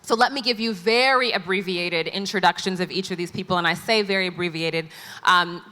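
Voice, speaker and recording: Woman panel moderator, chatty and playful, bright voice, long hall reverb. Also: fairly low pitch, a little fast. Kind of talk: live panel introductions. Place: large conference hall stage.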